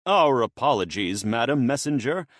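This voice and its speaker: A man's voice: mid-range voice, big pitch swings, moderate pace, no echo, clean studio sound, natural voice. A man doing a timid, apologetic necromancer. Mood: deferential. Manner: apologetic, hesitant. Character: timid young male necromancer, unconfident.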